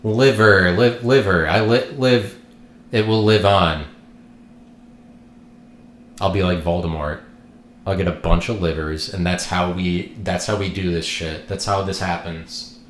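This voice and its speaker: Low-ish guy rambling on his podcast, jokey and sweary, echoey room with faint hum. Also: measured pace, pauses often. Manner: irreverent, joking, swears, trails off and restarts. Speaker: podcast host. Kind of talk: rambling solo podcast monologue.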